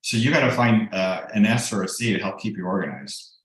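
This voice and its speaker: Middle-aged man, broker and coach, low-pitched voice, loose explanatory team training, heavy room echo. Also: animated, a little fast. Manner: casual and explanatory, with frequent ums and restarts. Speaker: real estate broker and coach. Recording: very echoey room.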